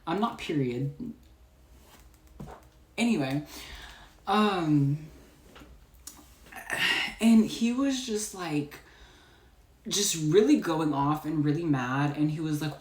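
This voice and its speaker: Low-voiced chatty woman. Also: animated, measured pace, darkish tone. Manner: chatty, heavy use of "like", retelling a rant. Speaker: storytime vlogger. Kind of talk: casual storytelling. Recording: echoey room, mic far off.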